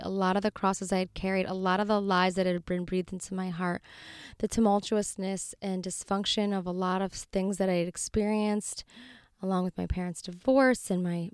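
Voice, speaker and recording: A woman in her thirties speaks earnestly on her faith podcast. Her voice is smooth and resonant, with a tender, heartfelt delivery. It is recorded dry and close, with no room sound. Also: medium pitch, a little mellow, dry recording. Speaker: podcast host.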